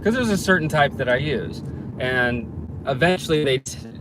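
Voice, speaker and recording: A man of ordinary pitch rants about a client, exasperated and loose, swearing and stumbling over restarts. He talks from inside a car, with clear traffic and engine noise underneath. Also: animated, moderate pace. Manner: exasperated, swears casually, many fillers and restarts. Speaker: handyman vlogger. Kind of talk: casual storytelling rant.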